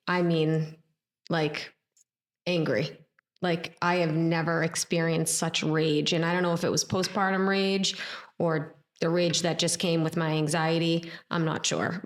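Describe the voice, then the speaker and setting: A woman co-hosting a podcast speaks frankly and reflectively, often hedging with "um" and "I'm not sure". Her voice is notably deep for a woman. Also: level tone, unhurried. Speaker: podcast co-host. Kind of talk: casual chat.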